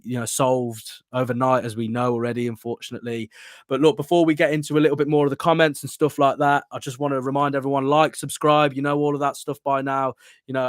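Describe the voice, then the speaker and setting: A man's voice: medium pitch, no room sound, clean studio sound. A man hosting a live football fan show, talking passionately and opinionatedly, with rambling asides.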